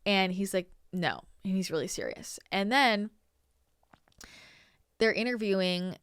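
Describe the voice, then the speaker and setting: A woman's voice: mid-range voice, a little slow, a bit bright, clear, resonant tone, dry recording, studio quality. A woman from Northern California, hosting her show and rambling casually through a story with lots of "like" and "you know". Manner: chatty, rambling, heavy use of "like" and "you know". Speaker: channeler and show host.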